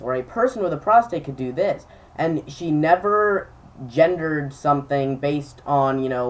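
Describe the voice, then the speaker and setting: A man's voice: on the high side, distant mic. A young man in casual chat to camera, telling stories with lots of fillers. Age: young adult. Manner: chatty storytelling with many fillers. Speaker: vlogger.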